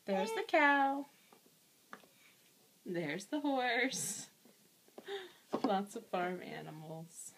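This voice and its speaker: Woman, young, parent, baby talk, cooing sing-song, very lively pitch, unhurried. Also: a little hiss or hum. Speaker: parent filming her baby.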